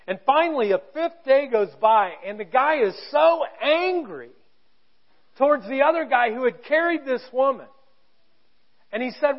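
A male pastor preaching a sermon to his church, telling a story with emphasis and sudden drops to a hush. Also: very high-pitched, expressive, moderate pace, muffled recording. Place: church auditorium.

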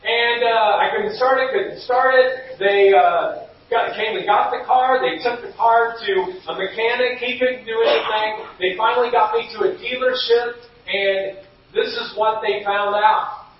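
High-voiced pastor preaching in an echoey church. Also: male voice, steady tone, a little slow, slight background noise. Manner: storytelling with acted-out quotes, rising to shouts. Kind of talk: sermon. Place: church sanctuary. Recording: dull, echoey hall from far off.

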